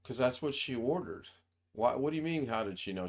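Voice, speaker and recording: A man's voice: mid-range voice, lively intonation, moderate pace, a little mellow. An American man hosting a casual livestream chat, telling stories in a wry, teasing way. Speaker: livestream host. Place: home streaming setup.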